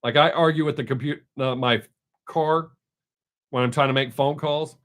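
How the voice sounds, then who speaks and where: A man's voice: a little high, fairly even intonation, moderate pace, fairly bright tone. Man rambling on a live stream. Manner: rambling, loose and profane, with frequent restarts. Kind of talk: casual live-stream chat.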